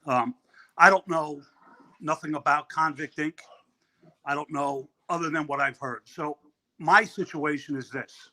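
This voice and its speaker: A man's voice: on the high side, fairly even intonation, unhurried, long pauses, pushed and bright. A man who served a long prison term, a guest on a casual live-stream show, speaking bluntly and matter-of-factly. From New York. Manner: blunt, matter-of-fact storytelling.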